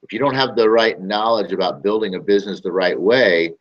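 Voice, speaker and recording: Low husky man, rambling host. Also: brisk, dull audio. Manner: rambling, emphatic, repeats phrases. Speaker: show host. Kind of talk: casual talk to camera.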